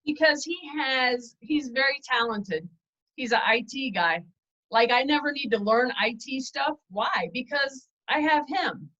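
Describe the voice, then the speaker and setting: Guest woman, candid and chatty, self-deprecating, higher voice, muffled call audio. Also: animated, a little slow, bright, forceful tone. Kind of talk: casual storytelling interview.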